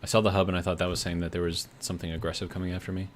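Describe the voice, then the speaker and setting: A man's voice: low-pitched, level tone, rapid-fire, slight background noise. An American man casually commenting on a video game he plays and reading out chat messages, rambling with lots of fillers. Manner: rambling, thinks aloud with many fillers. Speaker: streamer.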